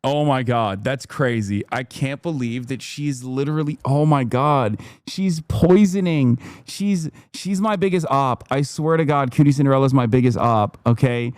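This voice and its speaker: A man streaming live reaction commentary, loud and profane with animated outbursts. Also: mid-range voice, normal speed, hardly any pauses, no echo, clean studio sound.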